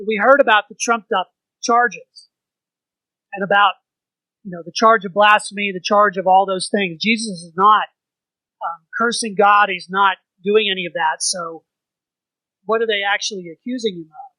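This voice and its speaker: Guy teaching bible study, high-ish bright voice, asks the group stuff, dry close sound. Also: fairly even intonation, normal speed, no room sound, rough recording. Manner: conversational, poses questions to the group. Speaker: pastor leading a Bible study.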